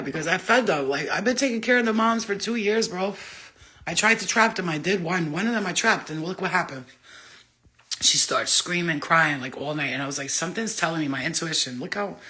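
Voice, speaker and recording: A woman chatting casually into her phone camera for a vlog, excitable and rambling, swearing freely as she goes. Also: deep voice. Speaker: vlogger.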